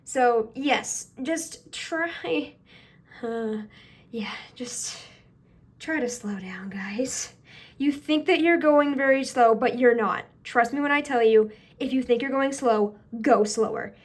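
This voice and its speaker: A woman's voice: high-pitched, slow. A woman reacting to her own old comic dub, laughing at herself and giving chatty tips. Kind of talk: casual reaction commentary.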